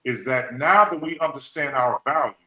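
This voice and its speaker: A man's voice: mid-range voice, normal speed, pushed and bright, low-quality recording. A man hosting a podcast, speaking, repeating phrases and using folksy slang. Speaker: podcast host. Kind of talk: emotional motivational talk.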